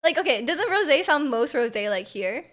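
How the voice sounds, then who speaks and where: A woman's voice: high voice, sing-song, normal speed, fairly bright tone. A woman streamer chatting casually with viewers, full of fillers and giggles, her throat a little off. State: throat feels off.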